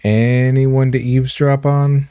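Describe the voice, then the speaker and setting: A man streaming a game, reading text aloud with relaxed, wry asides. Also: medium pitch, slow, clean tone, dry recording, clean studio sound.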